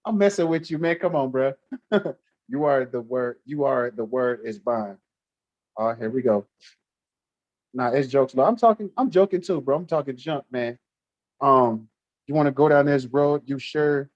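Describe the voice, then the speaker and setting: A man's voice: medium pitch, expressive, moderate pace, dry recording, highs cut off. A man hosting a livestream, teasing his chat in a playful, laughing way. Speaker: livestream host.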